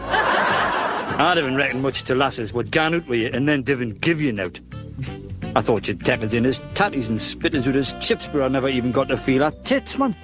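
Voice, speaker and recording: A man's voice: medium pitch, lively intonation, moderate pace, music in the background, lightly acted. Guy doing a crude geordie lad bragging about his date, cheeky. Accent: Newcastle. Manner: vulgar, boastful banter.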